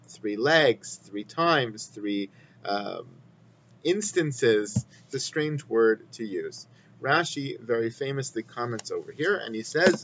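A man giving a weekly Torah lesson in a measured, explanatory way, weaving in Hebrew quotations. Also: medium pitch, big pitch swings. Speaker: Torah teacher. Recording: slightly muffled with faint hum.

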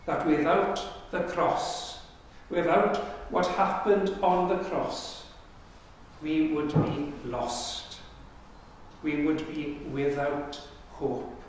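A man's voice: fairly high pitch, slight background noise. A man preaching a sermon as pastor, earnest and conversational, asking the congregation rhetorical questions. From Wales. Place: church. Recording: echoey church hall recorded from far off.

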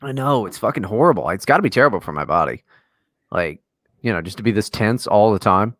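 A man's voice: lowish voice, fairly quick, no echo, clean studio sound. A man co-hosting a podcast in casual chat, ranting and swearing with lots of energy. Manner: profane, ranting, animated. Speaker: podcast co-host.

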